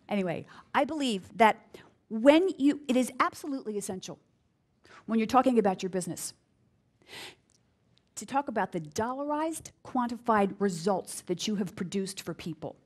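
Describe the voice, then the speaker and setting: Energetic woman leading a business workshop. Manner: energetic, emphatic, repeats key phrases; acts out quoted voices with big pitch jumps. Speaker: speaker giving a business workshop. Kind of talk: live workshop talk to an audience.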